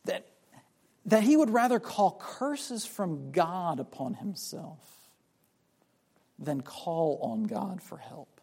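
A man's voice: sits high, darkish tone, slightly rough. A man from South Carolina preaching a sermon on a Bible passage. He acts out the voices of the people he quotes and repeats words as he restarts his sentences. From South Carolina, USA.

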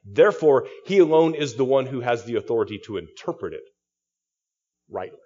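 A man's voice: mid-range voice, animated, fairly quick, mellow, dull audio. A male pastor giving an expository sermon, teaching through a text with frequent restarts and repeated words.

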